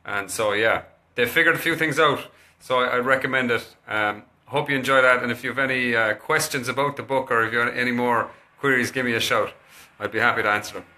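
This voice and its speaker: A man, chatting casually to camera and telling a story in a lively, animated way. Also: mid-range voice, fairly quick. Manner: chatty, animated, acts out what he said to his kids. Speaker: kinesiologist recommending a parenting book.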